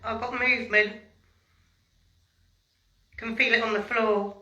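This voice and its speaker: A woman on a ghost hunt quietly reporting what she feels, in slow, drawn-out words. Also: a little high, little pitch movement, far from the mic, highs cut off. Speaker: paranormal investigator. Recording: roomy, off-mic in an echoing room.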